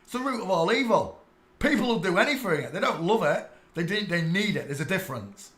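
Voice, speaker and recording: An English man ranting on a live stream, preachy and irate, swearing and bursting into shouts at his chat. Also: high voice, big pitch swings, fairly quick, echoey room.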